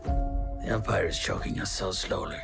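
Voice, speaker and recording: An actor playing a weathered male rebel recruiter who speaks low and measured, grim and persuasive, in film trailer audio. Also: creaky. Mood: grave. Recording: film trailer audio under loud music.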